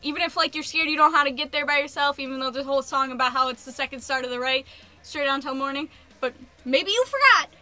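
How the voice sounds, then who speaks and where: A young adult woman vlogging a casual rant, animated and exasperated, peppering her speech with "like.". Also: high-pitched, quick pace, faint music behind.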